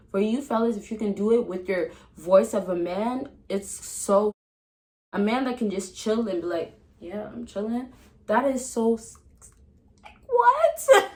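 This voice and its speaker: A woman giving dating advice to camera in a casual vlog, chatty and emphatic, swinging between loud excitement and a soft calm tone, laughing often. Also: lowish voice, poor audio. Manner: laughs often mid-sentence.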